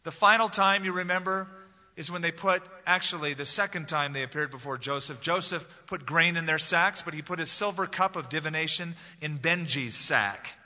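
A man's voice: on the high side, moderate pace, bright, forceful tone. A man preaching a conversational verse-by-verse sermon as pastor, acting out the voices of the people in the text. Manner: conversational, acts out voices of Bible characters. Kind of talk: expository sermon. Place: church sanctuary. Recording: long hall reverb.

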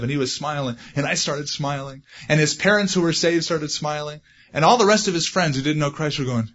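A man preaching a sermon, animated, growing loud and high when he stresses a point. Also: normal speed, lo-fi sound. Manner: animated, rising loud for emphasis. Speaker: pastor.

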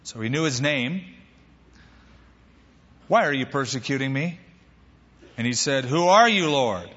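A man preaching a sermon as pastor, lively and animated, acting out quoted voices. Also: mid-range voice, measured pace, big-room sound, dull audio.

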